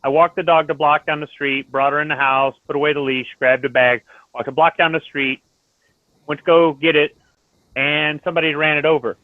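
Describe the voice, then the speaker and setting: A man in casual chat who talks things through calmly and gives advice. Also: a little high, brisk, dry recording. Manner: calm, reasoning, advice-giving tone. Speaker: stream host. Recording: tinny phone-like line, dry.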